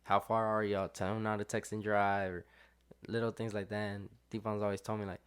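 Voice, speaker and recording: A young adult man, a podcast guest, telling a story in casual chat, with lots of fillers and quotes acted out in lively voices. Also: on the low side, a little fast, clear, resonant tone.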